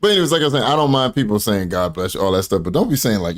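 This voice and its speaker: A man's voice: rapid-fire, few pauses. A man hosting a casual livestream, telling stories with lots of fillers and slang and acting out quotes. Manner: animated storytelling, acts out quotes in a high voice; loose slangy talk with many fillers. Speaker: reaction streamer host.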